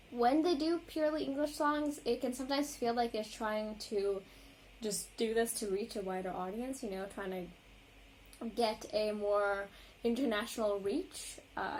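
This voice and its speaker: A woman vlogger reacting to music in a casual, rambling chat, full of ums and likes and quick apologies. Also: on the high side, a little mellow, a little hiss or hum.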